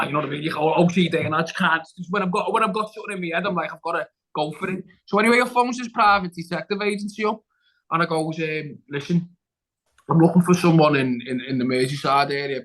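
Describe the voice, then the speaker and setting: The audio is poor, and this man's voice is fairly high with a fairly bright tone. A guest actor on a podcast, he tells a long story in casual chat, rambling and restarting often while acting out what people said.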